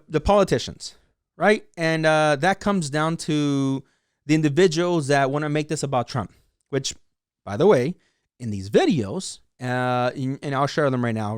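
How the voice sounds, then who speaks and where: Ranting man, smooth voice, dry sound. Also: mid-range voice, dry recording. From San Diego, California, USA. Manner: heated ranting, full of "like" and "you know". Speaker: vlog host. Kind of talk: opinionated commentary.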